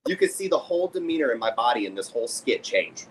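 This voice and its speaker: A man in his forties talks as a podcast guest, his pitch swinging up and down as he tells stories. He laughs his way through his tales in a loose, casual chat. A faint hiss of noise sits under his voice. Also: quick pace, low-quality recording. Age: 40s. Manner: laughing, animated storyteller.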